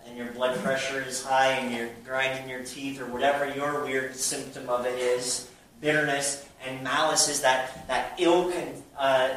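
A man preaching a sermon to a church audience, shifting between a hushed voice and loud bursts. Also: mid-range voice, slight background noise. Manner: animated preaching, drops to a hush then bursts loud. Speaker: pastor. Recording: very echoey hall, mic at a distance.

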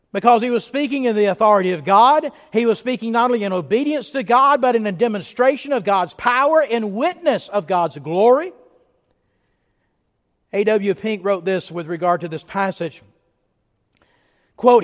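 High-voiced emphatic preacher man. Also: normal speed, big-room sound, dull audio. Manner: emphatic preaching, rising loud then dropping to hushed reflection. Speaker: pastor. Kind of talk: sermon.

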